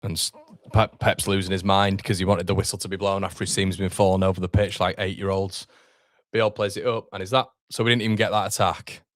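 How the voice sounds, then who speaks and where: A man's voice: sits low, little pitch movement, a little fast, no room sound, studio quality. A young man hosting a live fan watchalong, reacting with frustration and swearing as he talks to his chat.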